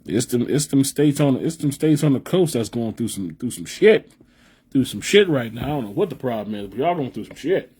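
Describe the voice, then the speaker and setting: A man's voice: mid-range voice, expressive, brisk, darkish tone, breathy edge. A young man from the US Midwest hosting a live podcast, chatting loosely and profanely with viewers and repeating himself as he rambles. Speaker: podcast host reading live chat. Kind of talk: casual live-stream chat.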